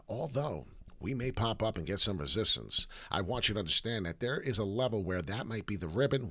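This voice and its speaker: A man hosting a live crypto chart commentary, excitable, profane and rambling. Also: sits low, husky, no echo. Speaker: crypto chart analyst, channel host.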